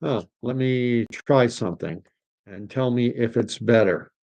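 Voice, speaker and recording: A man's voice: medium pitch, unhurried, gravelly, darkish tone, lo-fi sound. A man hosting a livestream, reading viewer comments aloud in a casual, hesitant way with many fillers. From Canada. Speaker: livestream host. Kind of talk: casual live chat reading.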